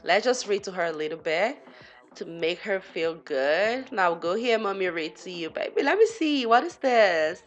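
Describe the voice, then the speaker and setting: A woman's voice: medium pitch, expressive, normal speed. A woman giving casual gameplay commentary, chatty and giggly, talking to her game characters as she plays. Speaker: gaming channel host.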